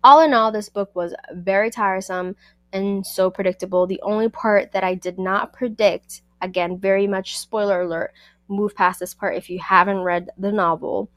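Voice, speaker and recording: A woman hosts a casual book review podcast and talks back to the characters with plenty of sass. Her voice sits at a middle pitch and is recorded close and dry, with no room sound. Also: steady tone, moderate pace, no echo.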